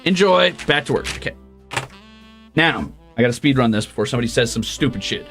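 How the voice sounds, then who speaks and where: Lively, bright-voiced male streamer, teasing. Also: medium pitch, a little fast, faint music behind. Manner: profane, teasing, mock-grumpy banter. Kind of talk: casual livestream chat, reading donations.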